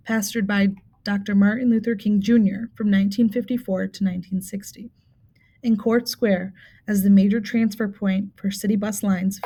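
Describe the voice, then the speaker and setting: A woman reads a book aloud in a measured, even storytelling manner. Her voice is mellow and warm, sitting in a middle pitch range. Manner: steady, measured storytelling with occasional slips. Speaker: reader.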